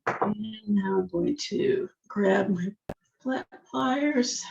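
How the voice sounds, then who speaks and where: Slow, slightly hoarse woman teaching jewelry. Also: mid-range voice, a little mellow. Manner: chatty, talks to herself while working. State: slightly hoarse, losing her voice. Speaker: jewelry-making instructor. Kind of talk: step-by-step craft demonstration. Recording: echoey room, dull lo-fi sound.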